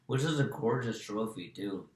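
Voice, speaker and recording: A man who used to box, co-hosting a podcast in relaxed, agreeable chat. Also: lowish voice, moderate pace, reverberant, a little hiss or hum. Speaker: podcast co-host, former boxer. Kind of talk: casual sports chat.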